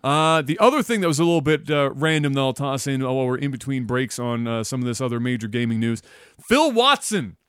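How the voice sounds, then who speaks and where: A man's voice: mid-range voice, very animated, brisk, fairly bright tone, clean tone, dry recording, studio quality. A man co-hosting a gaming podcast, talking casually, rambling and swearing freely as he tells stories. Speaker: podcast co-host. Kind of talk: casual chat.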